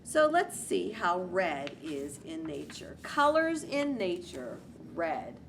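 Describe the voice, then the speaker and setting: Teacher lady reading a kids book to preschoolers, slow and super expressive, a bit gravelly. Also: lowish voice, noisy background. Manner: slow, expressive and gentle, as if to small children. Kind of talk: storybook read-aloud and lesson for preschoolers.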